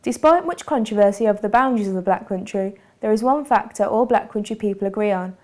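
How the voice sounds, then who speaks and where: Mellow-voiced woman narrating a documentary. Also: mid-range voice. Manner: measured, formal delivery.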